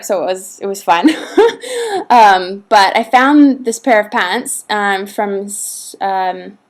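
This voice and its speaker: A young pregnant woman from Canada chatting casually to the camera in a vlog, rambling with lots of fillers and frequent laughs. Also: on the high side. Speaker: vlogger.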